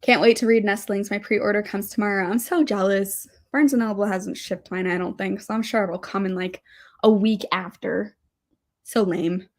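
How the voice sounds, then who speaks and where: A woman's voice: medium pitch, fairly even intonation, moderate pace. Young woman, livestream host, bubbly, chatty, casual talk to viewers, computer mic.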